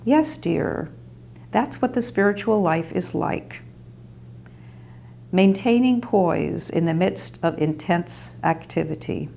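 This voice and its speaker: A woman's voice: on the low side, lively intonation, gravelly, warm tone, a little hiss or hum, exaggerated voice. A woman doing a serene older mentor. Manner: serene, measured. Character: calm, gentle older spiritual mentor woman.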